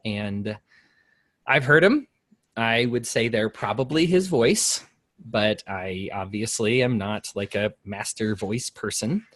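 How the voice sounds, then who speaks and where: A man's voice: fairly low pitch, slow, fairly bright tone, no room sound. A man with a nasal voice co-hosting a casual political podcast, commenting with hesitant restarts. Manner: reads quotes aloud, then comments with hesitant restarts. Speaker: podcast co-host.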